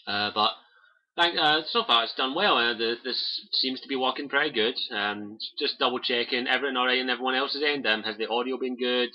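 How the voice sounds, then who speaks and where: A man's voice: mid-range voice, fairly quick, lo-fi sound. A young Scottish man chatting casually on a livestream, rambling with lots of fillers and swearing freely, on a cheap desk mic at home. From Scotland. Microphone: cheap desk mic by keyboard.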